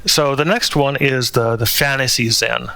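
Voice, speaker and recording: A man's voice: medium pitch, moderate pace, gravelly, sharp tone. A man talking through a spoken commentary in a hesitant way, with many fillers and restarts. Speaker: channel host.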